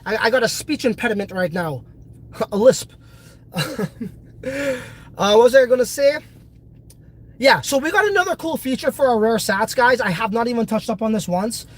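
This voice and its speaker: A man's voice: very high-pitched, animated, moderate pace, long pauses, poor audio. A congested man hosting a casual crypto video, talking in a brash, profane, hyped way. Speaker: crypto project host.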